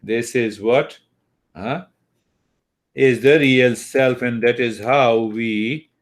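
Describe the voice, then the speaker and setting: A man teaching meditation slowly and calmly, with long pauses and Sanskrit terms. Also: medium pitch. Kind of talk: spiritual teaching talk.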